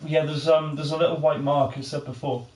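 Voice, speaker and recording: A man's voice: fairly high pitch, level tone, fairly quick, distant mic. A man co-hosting a game playthrough, chatty and teasing, laughing often. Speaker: let's play co-host. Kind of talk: casual gaming banter. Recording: roomy, faint noise.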